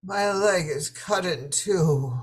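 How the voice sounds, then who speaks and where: A woman reading a slow, wounded lieutenant. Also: fairly low pitch. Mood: pained. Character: wounded male lieutenant in pain. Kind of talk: amateur play reading.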